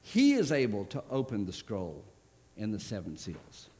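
Slow, emphatic preaching man. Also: on the low side, huge pitch swings. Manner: emphatic, dropping to soft for key points. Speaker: pastor. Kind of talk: sermon.

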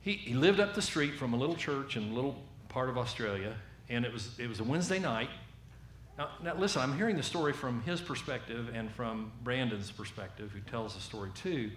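A man with a Southern American accent delivers a storytelling sermon, acting out the voices in his tale with animated shifts. His voice sits at a middling pitch. The room echoes, with a faint hiss behind him. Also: fairly quick.

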